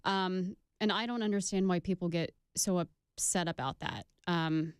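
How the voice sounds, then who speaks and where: A woman's voice: lowish voice, moderate pace, clean tone, no echo, clean studio sound. A woman talking on a radio show, earnest and reasoning aloud with plenty of "like". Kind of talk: casual radio talk.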